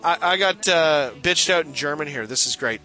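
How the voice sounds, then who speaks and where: A man with a bright, somewhat high voice chatting loosely on a podcast. He rambles, restarts his sentences and laughs often, with faint music behind him. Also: animated, moderate pace, low-quality recording. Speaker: podcast co-host. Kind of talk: casual chat, reading a listener's letter aloud.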